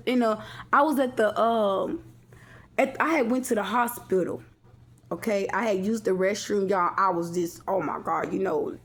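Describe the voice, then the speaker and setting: Woman vlogger, casual storyteller, rambling with restarts and asides to her viewers, mid-pitched voice. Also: moderate pace.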